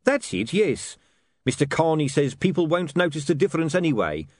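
In an audiobook, a man voices a shifty, wheedling street hawker in a sing-song manner at a moderate pace, pitched a little high and above his own natural voice. The recording is dry, with clean studio sound.

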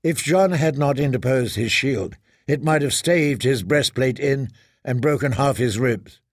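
A man narrating a fantasy audiobook in a steady, measured way. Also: medium pitch, no room sound, clean studio sound.

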